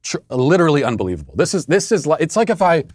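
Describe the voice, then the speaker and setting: A man's voice: a little high, big pitch swings, fast talker, a little mellow, no room sound, clean studio sound. A man hosting a podcast, telling a story in a sardonic, mock-outraged way. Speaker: podcast host. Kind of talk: casual monologue.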